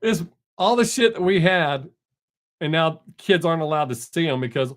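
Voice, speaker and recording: A man's voice: a little high, sing-song, normal speed. An older man hosting a live stream, in casual folksy chat, joking and greeting viewers from the chat by name.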